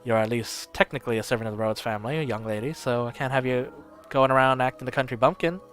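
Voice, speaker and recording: Man voicing a gruff old retired nobleman, blustery, barking, faint music in the background. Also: medium pitch, quick pace, a bit bright, lightly acted. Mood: stern. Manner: blustery, barking, swears often.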